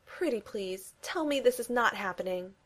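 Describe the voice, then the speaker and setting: A woman's voice: fairly high pitch, animated, moderate pace, pitched above the performer's own voice. A woman voicing a breezy, teasing young woman. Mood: playful. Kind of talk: fan fiction reading.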